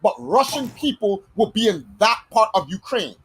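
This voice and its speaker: A woman's voice: medium pitch, big pitch swings, moderate pace, breathy edge, poor audio. A woman hosting a podcast in casual chat, talking bluntly and heatedly with plenty of swearing. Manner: heated, blunt and profane, arguing a point. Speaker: podcast host.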